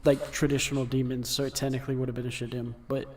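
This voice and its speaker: A man's voice: mid-range voice, flat delivery, quick pace, distant mic, slight background noise. A man co-hosting a casual podcast, laughing and acting out character lines in goofy voices. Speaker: podcast co-host. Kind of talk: casual chat.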